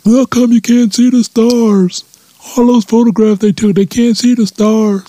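A man's voice: very high-pitched, steady tone, measured pace, warm tone, no echo, pitched above the performer's own voice. A man mimicking a whiny man who doubts the moon landing.

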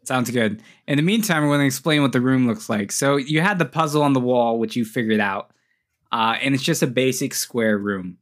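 A man narrating as game master of a tabletop game, relaxed and joking, laughing often. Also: medium pitch, moderate pace.

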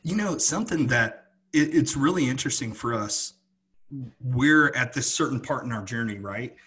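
A man's voice: medium pitch, expressive, normal speed, a bit bright, slightly rough. A man co-hosting a podcast, talking in an earnest, reflective way with many restarts. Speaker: podcast co-host. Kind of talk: casual conversation.

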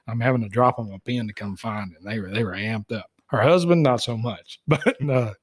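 A middle-aged man, a podcast guest who tells hunting stories in a casual, animated way and acts out the dialogue. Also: medium pitch, normal speed, slightly rough, dry recording. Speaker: guest, dog tracker for wounded deer. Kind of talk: casual storytelling.

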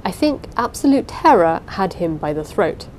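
Woman, audiobook narrator, dramatic suspenseful reading, first-person story, low voice, faint background rumble. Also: big pitch swings, moderate pace, darkish tone, poor audio.

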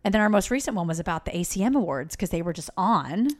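A woman's voice: on the low side, expressive, quick pace. A woman co-hosting a podcast, chatting casually in a giggly, candid way. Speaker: podcast co-host. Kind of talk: casual chat.

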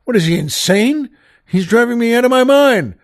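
Loud hot-headed bar bully, put on by a man; shouted, pitched up, bragging. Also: sing-song, drawn-out words, heavily acted. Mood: exasperated. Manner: shouting, raised higher pitch.

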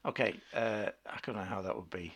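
A man co-hosting a casual film podcast, opinionated and quick to rant with exasperation. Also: low-pitched, fairly bright tone, breathy edge. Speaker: podcast co-host.

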